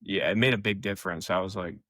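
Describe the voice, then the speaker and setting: A man's voice: low voice, steady tone, fast, bright, forceful tone, no echo. A young man co-hosting a podcast, telling casual, rambling stories full of fillers. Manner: rambling, filler-heavy storytelling. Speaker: podcast co-host. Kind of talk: casual storytelling chat.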